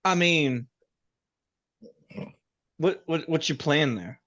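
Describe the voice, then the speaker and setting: A man with a slightly high voice, bantering and arguing as a player and laughing a lot. His voice comes through dull, lo-fi call audio. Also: slow, a bit bright. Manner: joking, argumentative, laughs often. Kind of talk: casual tabletop game banter.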